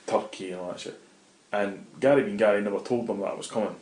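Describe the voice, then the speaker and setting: A middle-aged Scottish man, a guest in an interview, telling animated anecdotes in casual talk and swearing freely. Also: on the low side, fast, crowd noise. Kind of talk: casual storytelling. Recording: roomy echo.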